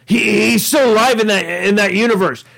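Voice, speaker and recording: A man's voice: sits high, moderate pace, gravelly, fairly bright tone, voice pushed up. A man putting on the voice of a cranky old cartoon scientist, dismissive and offhand.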